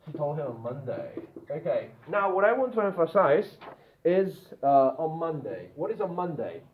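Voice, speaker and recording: Male teacher, slightly high voice, repetitive and checking in, lo-fi phone-like sound with light hiss. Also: big pitch swings, moderate pace. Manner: repetitive, checks understanding often. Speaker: English teacher. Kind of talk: grammar lesson. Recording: tinny phone-like audio with faint noise.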